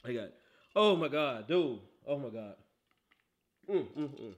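A man's voice: medium pitch, unhurried, lo-fi sound. A man hosting a casual sports talk show, laughing often and teasing. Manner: laughs a lot, animated and teasing.

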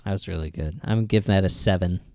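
A man co-hosting an improv comedy podcast, joking in a playful deadpan way. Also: deep voice, dry recording, studio quality. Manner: playful, quick deadpan jokes. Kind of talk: casual comedic banter.

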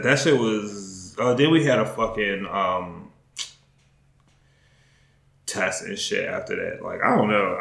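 On his podcast, a man with a fairly low, gravelly voice recounts a story in casual conversation, and the audio sounds roomy. The podcast host laughs and curses throughout, keeping the retelling animated.

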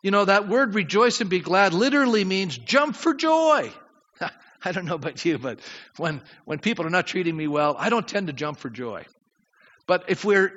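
A man preaching a sermon as pastor, lively and questioning his congregation. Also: a little high. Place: church sanctuary. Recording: dull sound with long hall reverb.

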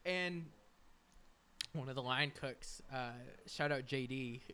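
A young man hosts a podcast, chatting casually and telling rambling, profane stories in which he often imitates his coworkers. His voice is medium-pitched with a sharp tone, and he takes it slowly. There's a little hiss or hum in the recording.

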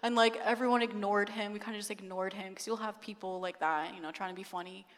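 A young woman giving a sermon testimony, telling her story with lively energy, acting out quotes and laughing often. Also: medium pitch, quick pace. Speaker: guest speaker. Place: church sanctuary. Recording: long church hall reverb.

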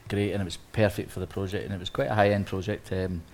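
A man, an interior designer, telling a lively story on a live panel, acting out quotes with many restarts. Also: low voice, fast. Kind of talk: anecdote on a live panel talk.

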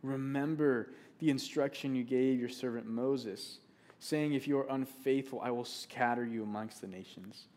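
A man's voice: mid-range voice, normal speed, darkish tone. A man preaching a sermon, speaking earnestly, repeating key phrases for emphasis and reading scripture aloud.

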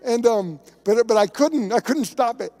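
A man's voice: extremely high pitch, animated, moderate pace, mellow, in a large hall. A man, a pastor, preaching a sermon in a conversational, emphatic way and telling stories.

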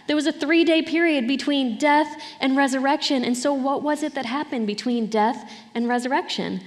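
A woman's voice: high voice, moderate pace, few pauses. A woman preaching a sermon in a conversational way, often checking in with her listeners. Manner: conversational, often asks "right?". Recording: hall reverb.

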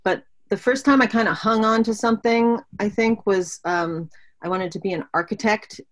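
A woman's voice: medium pitch, normal speed. A woman from Pittsburgh, Pennsylvania, talking casually as an interview guest, chatty with frequent ums.

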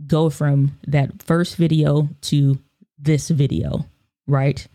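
Man, motivational storyteller: gravelly, warm, talks casually with fillers. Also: a little high. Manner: earnest storytelling with filler words. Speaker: self-improvement speaker.

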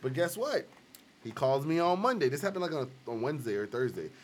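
Recorded on a live stream against a noisy background, this podcast host speaks briskly in a mid-range voice. He's an animated storyteller who laughs a lot and performs the voices of whoever he's quoting in a casual chat.

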